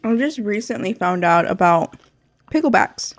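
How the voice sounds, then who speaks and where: A woman's voice: mid-range voice, lively intonation, moderate pace. A woman hosting a casual podcast chat. She repeats words for emphasis and drops in fillers like "like" and "so". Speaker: podcast host.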